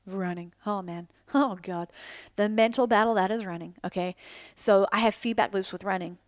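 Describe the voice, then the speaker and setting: A woman's voice: medium pitch, fairly even intonation, fairly quick, no room sound, studio quality. A woman hosting a solo podcast, talking candidly and casually, swearing freely and slipping in self-mocking asides. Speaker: podcast host.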